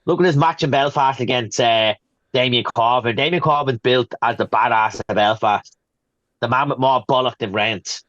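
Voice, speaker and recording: A man co-hosting a casual wrestling podcast, telling stories in a rapid rush. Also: mid-range voice, a bit bright, no room sound, muffled recording. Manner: rapid storyteller, acts out quotes. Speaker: podcast co-host. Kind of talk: casual chat.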